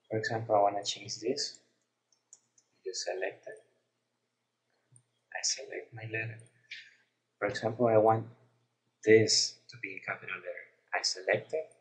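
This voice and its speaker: A man narrating a screen-recorded software tutorial, explaining each step in a plain, unhurried way. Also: lowish voice, poor audio.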